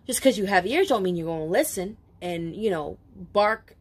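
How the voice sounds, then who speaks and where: A woman's voice: mid-range voice, expressive, moderate pace, husky. A woman giving a casual spoken tarot reading, emotional and chatty, with many asides and some casual swearing. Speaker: tarot reader.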